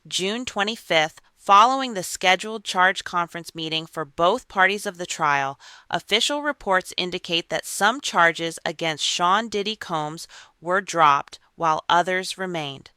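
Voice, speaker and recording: Bright, crisp scripted news narrator. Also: medium pitch, no room sound. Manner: even, measured reading of court reports.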